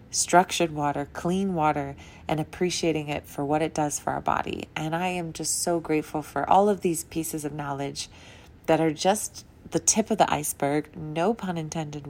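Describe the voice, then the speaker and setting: A woman's voice: lowish voice, darkish tone, slight background noise. A young adult woman hosting a podcast, talking in an earnest, emotional, rambling way about wellness. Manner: earnest, emotional, wandering sentences with laughs. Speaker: podcast host. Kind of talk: casual spiritual monologue.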